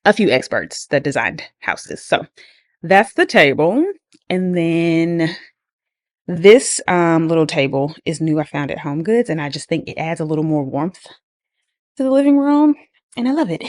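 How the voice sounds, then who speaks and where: A woman's voice: fairly low pitch, dry recording, studio quality. A woman giving a casual, rambling home tour walkthrough with lots of ums and likes, slightly out of breath as she walks around a living room. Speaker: home decor vlogger.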